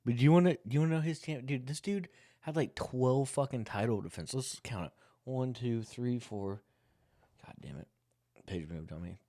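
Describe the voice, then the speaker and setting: A man's voice: medium pitch, normal speed, mellow. A young man hosting a casual sports talk show, ranting in a heated, profane, rambling way and getting worked up. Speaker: podcast host.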